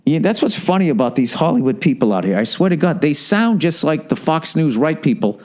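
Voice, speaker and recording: A man's voice: on the high side, big pitch swings, brisk, darkish tone. A middle-aged man with a Boston accent, hosting a podcast and ranting profanely while mocking others in silly voices. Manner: swears constantly, mocking put-on voices. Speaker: podcast host. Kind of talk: profane comedic rant.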